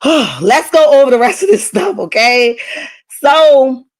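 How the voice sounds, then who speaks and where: Woman, gossip commentary host, emphatic and chatty, slightly high voice. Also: takes it slowly. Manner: animated, emphatic, repeats okay and right.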